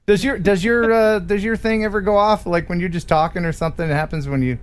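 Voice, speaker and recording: A man's voice: high-pitched, quick pace, clean tone. A man hosting a livestream, bantering and joking with his guests. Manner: jokey, playful banter. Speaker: livestream host. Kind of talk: casual chat.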